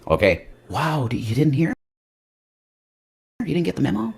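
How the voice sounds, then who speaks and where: Husky, rambling, profane male streamer. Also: a little high, very animated, normal speed. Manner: profane, rambling and self-mocking. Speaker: livestream host. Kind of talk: rambling casual livestream talk.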